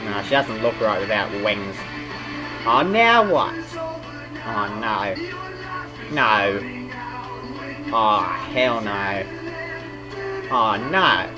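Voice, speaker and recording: A man's voice: fairly low pitch, lively intonation, drawn-out words, long pauses, music in the background, low-quality recording. An Australian man hosting a reaction video, groaning and exclaiming in outrage at what he watches. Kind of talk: casual reaction commentary.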